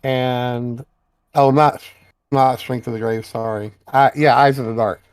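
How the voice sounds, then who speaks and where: A man's voice: mid-range voice, flat delivery, measured pace, smooth, no room sound. A man playing a tabletop game, chatting casually and reading spell rules aloud. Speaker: player.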